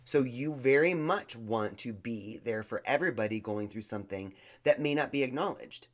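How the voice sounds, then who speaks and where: A man's voice: mid-range voice, moderate pace. A man co-hosting a podcast, giving blunt, sarcastic mock-therapy in a rambling way. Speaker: podcast co-host. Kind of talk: casual mock-therapy chat.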